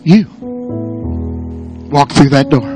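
A man's voice: on the high side, takes it slowly. A male preacher delivering an impassioned sermon, building rhythm by repeating words and long lists. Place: church sanctuary. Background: soft guitar music.

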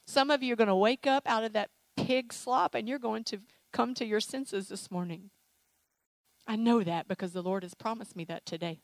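A woman preaching a sermon with an altar call, emotional and animated, with playful acted asides. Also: a little high, moderate pace, no echo, rough recording. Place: church sanctuary.

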